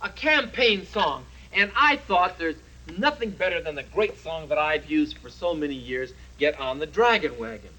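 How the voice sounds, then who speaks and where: Here the puppet is a male dragon, boastful yet good-natured, forever running for office, and a man performs him with pompous, rambling patter for a 1970s TV puppet show. The delivery is a little high, expressive and pushed bright but held down, at a moderate pace with hardly any pauses, on a low-quality recording.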